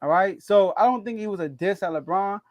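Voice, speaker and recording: A man with a notably high voice talks basketball on a podcast, animated and quick to laugh, stumbling over repeated words as he works out his point. His voice sits close and dry, with no room sound around it. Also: dry recording, dull audio. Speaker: sports podcast co-host. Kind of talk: casual sports debate.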